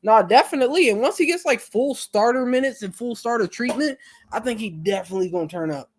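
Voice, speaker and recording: A young man hosting a live stream, chatting casually with viewers in a relaxed, rambling way full of fillers. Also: extremely high pitch, fast talker, a little hiss or hum. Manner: laid-back, rambling, many fillers.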